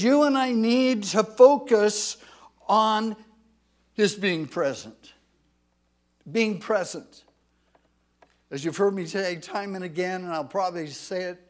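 A man preaching a sermon, swelling to loud, emphatic declarations when he quotes scripture. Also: high voice. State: tired from little sleep. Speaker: pastor.

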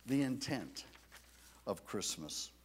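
Man, pastor, unhurried sermon, swinging intonation. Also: medium pitch, slight background noise. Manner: slow, measured preaching with lively rises and falls.

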